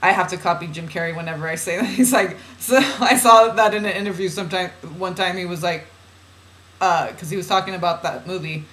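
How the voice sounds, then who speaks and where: A middle-aged woman reading oracle card messages aloud slowly, then breaking off into rambling chat with laughs and restarts. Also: fairly low pitch, a bit bright, reverberant. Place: home.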